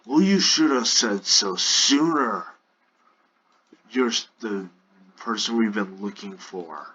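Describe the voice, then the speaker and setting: A man voicing a gruff male orc leader who is blunt but quick to apologize, speaking in halting bursts. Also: fairly low pitch, animated, bright, forceful tone, muffled recording, full character voice. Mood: stern.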